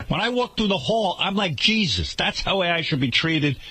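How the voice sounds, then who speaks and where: Radio host, male, sarcastic indignant rant, husky and bright tone, lively pitch. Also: normal speed. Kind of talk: radio talk show rant.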